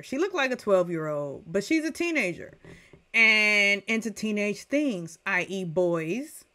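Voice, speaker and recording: A middle-aged woman reviewing a TV episode in a casual rant, chatty and animated as she talks straight to her viewers. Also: mid-range voice. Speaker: TV recap reviewer.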